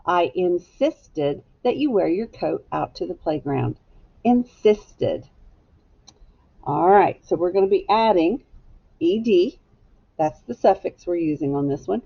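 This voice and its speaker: A woman teacher giving a patient, clearly paced phonics lesson to young children. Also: lowish voice, highs cut off.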